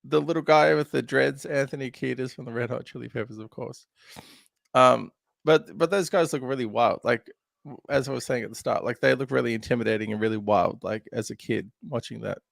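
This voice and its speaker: A man's voice: mid-range voice, a little fast, gravelly, dry recording, studio quality. A man hosting a podcast, chatting casually about a film with lots of laughs and fillers. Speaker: podcast host.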